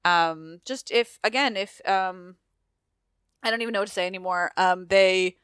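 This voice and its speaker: A woman's voice: on the low side, moderate pace, a bit bright, smooth, no room sound, studio quality. A woman hosting a podcast, talking candidly and emotionally, with frequent swearing and restarts. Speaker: podcast host. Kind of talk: casual podcast chat and outro.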